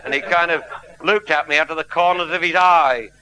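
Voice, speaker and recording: A man's voice: fairly high pitch, a little fast, sharp tone. A middle-aged man telling a comic anecdote in a blunt, earthy, wry manner, heard on a noisy old radio recording. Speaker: storyteller. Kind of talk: comic anecdote before a live audience.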